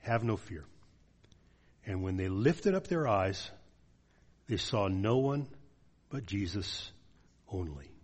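A male pastor preaching earnestly, with frequent fillers as he speaks. His voice sits fairly low. It has a husky, breathy texture. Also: sing-song, slow pace, long pauses, a little mellow. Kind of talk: sermon.

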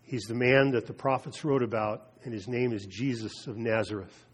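Guy preaching a sermon, kinda husky voice, slows way down to hit the big points. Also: mid-range voice, steady tone. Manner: slow, emphatic preaching with dramatic pauses. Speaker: pastor.

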